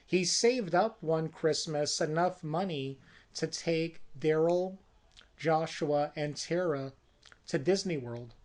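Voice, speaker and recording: A storyteller casually pitching a horror movie, narrating in a folksy, conversational way. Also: slow pace, darkish tone.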